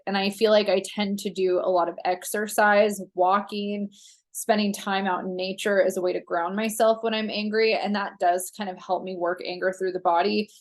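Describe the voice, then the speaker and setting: Chatty woman giving a horoscope reading. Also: mid-range voice. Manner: chatty, rambling, with frequent fillers. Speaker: astrologer. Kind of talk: casual horoscope monologue.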